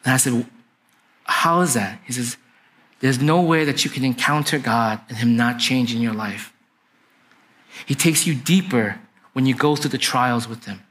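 At normal speed but with long pauses, this young male pastor's medium-pitched voice sounds fairly bright. He preaches casually, like telling a story, and often checks in with the congregation by asking "right?"

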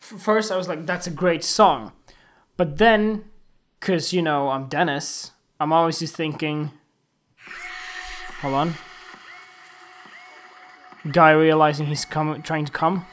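A man hosting a podcast, telling funny everyday stories in a loose, animated and crude way, often laughing at himself. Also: a little high, slow, long pauses. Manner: animated, giggly, crude, self-mocking. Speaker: podcast host. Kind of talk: casual comic storytelling.

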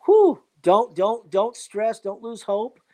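A man's voice: high-pitched, very animated, slow, a little mellow, slight background noise. Rambling upbeat motivational man. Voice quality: rambling, repeats "man" and "you know what". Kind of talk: casual chat.

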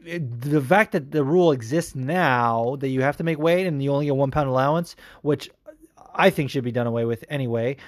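A man's voice: a little high, no room sound, clean studio sound. A man hosting a podcast, ranting and swearing emphatically in casual chat. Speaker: podcast host. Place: home room with cats.

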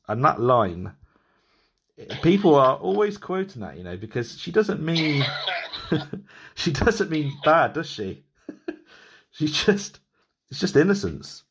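A man's voice: a little high, very animated, takes it slowly, vocal fry, long pauses, breathy edge. A man in his thirties hosting a podcast, chatting loosely with many restarts and laughs. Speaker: podcast host. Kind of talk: casual interview chat.

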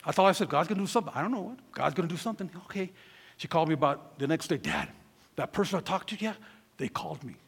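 A middle-aged man preaching, telling a personal story, acting out quotes and swinging between loud peaks and hushed asides. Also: a little high, lively intonation, quick pace, vocal fry, husky, in a large hall. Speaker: pastor.

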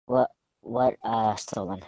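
A man's voice: on the low side, fairly even intonation, slow, dark tone, poor audio. A man co-hosting a casual podcast, giving short hesitant answers with dry sarcasm. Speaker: podcast co-host.

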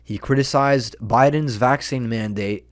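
A man's voice: mid-range voice, unhurried. Man ranting with "dude" and "man". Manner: profane and excitable, peppered with "dude" and "man". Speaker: podcast host. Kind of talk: solo podcast rant.

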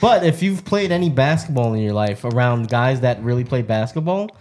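A man's voice: medium pitch, expressive, brisk, a little mellow. A man co-hosting a casual sports podcast, playful and teasing. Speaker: podcast co-host.

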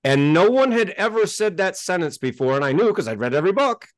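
A middle-aged man telling his story as a podcast guest, animated and emphatic, and he gets worked up as he talks. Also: high voice, a little fast, no room sound, studio quality. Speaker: interview guest.

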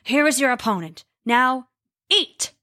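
A woman's voice: high voice, lively intonation, measured pace, pushed and bright, heavily acted. A woman voicing a proud, commanding male giant king who mocks his guests in a storybook.

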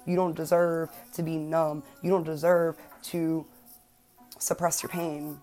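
A woman in her late twenties talks straight to her listeners in a personal self-help podcast, with a low-pitched voice. She is earnest and emphatic and swears without hesitation. Faint music plays quietly behind her. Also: level tone, measured pace. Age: 20s. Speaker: podcast host.

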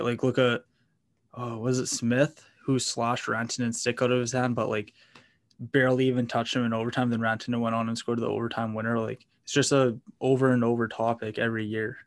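A man's voice: medium pitch, flat delivery, fast talker. A man co-hosting casual sports chat, matter-of-fact and conversational.

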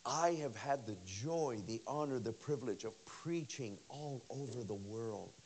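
A man preaching a revival sermon as pastor, animated and conversational, swinging between loud bursts and hushed lines with many repeats. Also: mid-range voice, measured pace, a little hiss or hum. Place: church service.

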